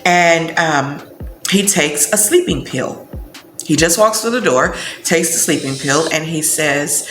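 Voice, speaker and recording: A woman tells a personal story in a casual, slangy way and acts out the quotes. Her voice sits low. The room sounds roomy, and music plays behind her. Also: slow pace, a bit bright. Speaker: vlogger.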